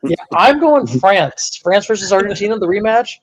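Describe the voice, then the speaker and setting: Animated high-voiced man talking sports. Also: normal speed, dull audio. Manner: animated, bursts into mock outrage and shouting. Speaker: podcast co-host. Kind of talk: casual sports chat.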